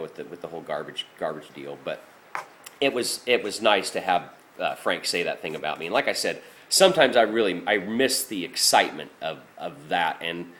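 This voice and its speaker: Middle-aged working man, lowish voice, blunt and profane, rambling casual monologue. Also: a bit bright. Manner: frank, profane, many restarts and fillers. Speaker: garbage truck driver.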